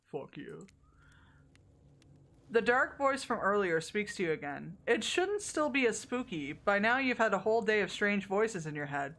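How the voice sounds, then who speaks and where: Animated giggly woman streamer. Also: medium pitch. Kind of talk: reading a game aloud.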